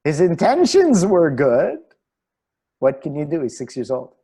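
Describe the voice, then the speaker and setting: A middle-aged man, a relationship coach, giving a webinar talk over a video call and telling animated anecdotes. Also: fairly high pitch, a little slow, breathy edge. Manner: animated storyteller, chuckles at himself.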